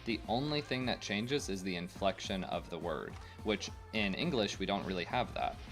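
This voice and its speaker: A man's voice: lowish voice, lively intonation, moderate pace. A young man streaming a game, chatting casually to his viewers, rambling and opinionated with lots of fillers. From United States. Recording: faint game music behind.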